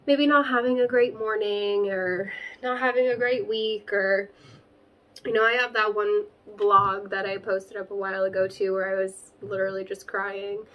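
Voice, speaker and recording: A woman's voice: mid-range voice, steady tone, moderate pace, lo-fi sound. A young woman chatting casually to camera from her spare bedroom about her plants, rambling with lots of fillers. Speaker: plant vlogger.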